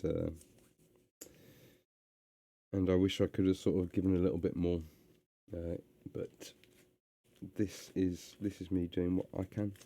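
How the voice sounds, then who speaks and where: A man reading a story aloud and chatting on a live stream, relaxed with many hesitations. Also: deep voice.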